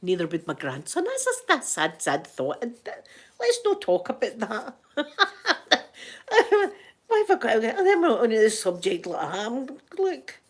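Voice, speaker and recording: A woman's voice: fairly high pitch, wildly swooping pitch, a little slow, breathy edge. Scottish woman, middle-aged, rambling casual chat, laughs a lot. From Scotland. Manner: chatty, rambling, laughs often. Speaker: ASMR channel host.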